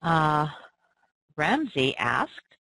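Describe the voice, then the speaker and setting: A woman's voice: deep voice, sing-song, drawn-out words, vocal fry, a bit bright, dry recording, rough recording. A woman, coaching pronunciation by answering listener questions and patiently modeling sounds and words aloud.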